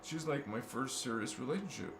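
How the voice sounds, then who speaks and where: A man's voice: mid-range voice, animated, fairly quick, creaky. A man talking casually to his viewers in a meandering monologue, often restarting and repeating words. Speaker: spiritual vlogger. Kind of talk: rambling casual monologue to camera. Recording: echoey room with faint background noise.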